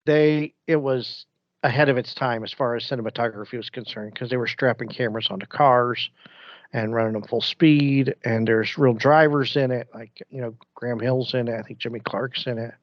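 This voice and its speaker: A man's voice: medium pitch, moderate pace, no echo. Rambling man, muffled dry audio. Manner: rambling, animated storyteller. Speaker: podcast co-host. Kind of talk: casual chat.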